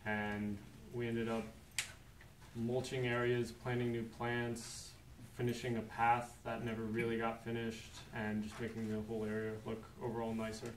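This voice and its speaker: A young man explains his project matter-of-factly. His voice sits at a middle pitch with little rise and fall. He is heard from a distance in an echoey room with faint noise. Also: monotone, moderate pace. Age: young adult. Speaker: Eagle Scout honoree. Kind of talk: prepared public remarks. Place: large public meeting room.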